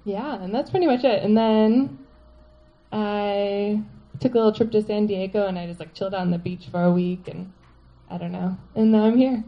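A woman telling a personal story to a live audience, animated and laughing, full of "like" fillers. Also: medium pitch, moderate pace, lo-fi sound, slight background noise.

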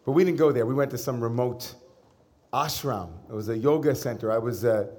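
Storytelling rabbi, relaxed and conversational. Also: male voice, mid-range voice, brisk. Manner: conversational storytelling with gentle humor. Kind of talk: sermon.

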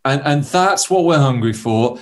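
A man's voice: mid-range voice, animated, normal speed. Affirming man hosting a faith interview. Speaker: interview host.

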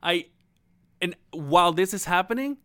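A man on a podcast, spinning an embarrassing story in a loose, foul-mouthed way, his pitch bouncing up and down. The sound is dry and close, with no room around him. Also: moderate pace, clean tone, dry recording. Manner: animated storyteller, swears a lot, laughs mid-story. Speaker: podcast co-host. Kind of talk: casual storytelling chat.

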